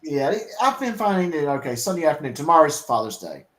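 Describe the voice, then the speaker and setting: A man's voice: on the high side, sing-song, fairly quick, fairly bright tone, reverberant, low-quality recording. A man hosting a casual talk show, speaking in an easygoing, rambling way with many fillers. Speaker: podcast host. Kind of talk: casual chat.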